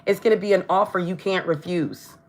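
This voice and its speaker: A woman's voice: lowish voice, fairly quick. A woman doing a live tarot reading, chatting to her viewers and often stumbling over her words. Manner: chatty, addresses viewers directly. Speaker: tarot reader.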